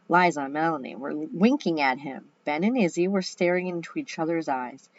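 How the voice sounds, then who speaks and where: Low-voiced woman reading a kids' book aloud. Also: dull audio. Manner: chatty, playful asides between passages. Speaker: storybook reader. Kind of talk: reading a children's chapter book aloud with asides.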